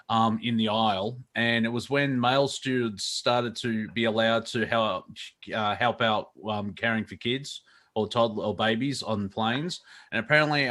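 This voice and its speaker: A man's voice: medium pitch, sharp tone. Joking man, casual chat. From Australia. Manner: joking, laughs often, profane. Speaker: podcast co-host.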